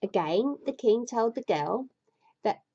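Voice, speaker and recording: A woman reads a fairy tale with comic, grumbling asides, often sounding exasperated and sweary. Her voice is mellow and swings widely in pitch. The recording has a dull, lo-fi sound. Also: animated, a little slow, slightly rough. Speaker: storyteller.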